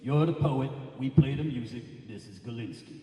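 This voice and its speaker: A blunt male musician answers in short, flat lines with a baritone and a Bronx accent, as a storyteller puts him on. The voice carries in a roomy library hall with a long echo. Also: normal speed, natural voice. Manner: blunt, terse.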